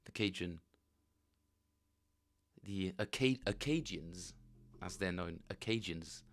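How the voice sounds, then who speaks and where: A man's voice: low-pitched, slow pace. A man casually chatting with viewers on a live stream, rambling and joking as he reads chat aloud. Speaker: bass player streaming practice.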